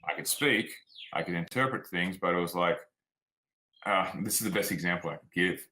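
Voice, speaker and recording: A deep-voiced Australian man, speaking at normal speed in a pushed, bright tone, is a guest performance coach in a casual interview. His storytelling is frank and plainspoken, sprinkled with "like" and "man." The recording is low quality.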